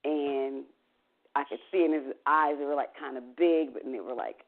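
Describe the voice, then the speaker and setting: A woman's voice: rumbling low, normal speed. Woman telling her story real candid, swears a bit, lots of "you know", tinny phone sound. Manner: emotional, candid, swears casually, trails off in fillers. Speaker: interview guest.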